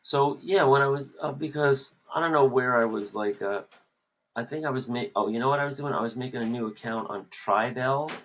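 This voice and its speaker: A man's voice: medium pitch, a little fast, a bit bright, highs cut off. A man co-hosting a podcast, chatting casually while lettering a comic page. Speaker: comic artist and podcast co-host.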